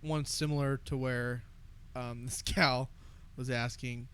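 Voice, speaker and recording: A man's voice: mid-range voice, steady tone, slow pace, fairly bright tone, smooth. A young man co-hosting a podcast, rambling and laughing with many fillers in casual chat. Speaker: podcast co-host.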